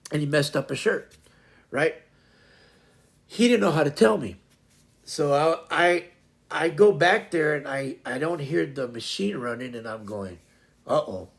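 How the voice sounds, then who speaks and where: A man's voice: fairly high pitch, creaky. A man hosting a casual livestream, rambling through a work story and acting out both sides of the conversation. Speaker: livestream host.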